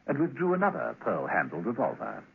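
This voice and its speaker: A man narrating a radio spy drama in wry, measured storytelling. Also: mid-range voice, huge pitch swings, gravelly, breathy edge. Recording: tinny radio broadcast with music.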